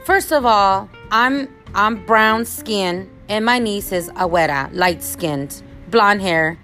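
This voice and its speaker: A woman hosting a podcast, telling a personal story in a casual, animated, expressive way. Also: mid-range voice, slow, soft background music. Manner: animated, expressive, acts out quotes. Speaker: podcast host.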